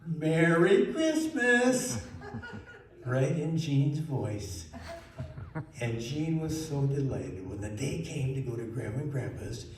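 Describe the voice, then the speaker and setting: A man telling a children's story in a lively way, asking the listeners questions. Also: mid-range voice, unhurried. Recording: very echoey room, mic far off, faint noise.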